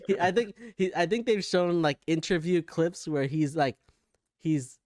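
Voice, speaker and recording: A man's voice: fairly high pitch, animated, measured pace, a little mellow, no echo, clean studio sound. A man with an American accent co-hosting a casual podcast, hesitant and trailing off with fillers and small laughs. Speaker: podcast co-host. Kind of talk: casual chat.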